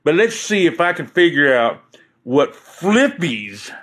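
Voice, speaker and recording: A man's voice: a little high, sing-song, measured pace, a bit bright. A man hosting a casual livestream, joking and rambling with his viewers and laughing often. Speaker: livestream host chatting with viewers.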